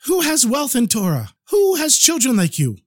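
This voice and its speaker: A man voicing a devoted, devout wife, pleading in a raised, shrill voice. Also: lively intonation, fairly quick, no room sound, studio quality. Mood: shocked. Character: devout, distraught older Jewish wife.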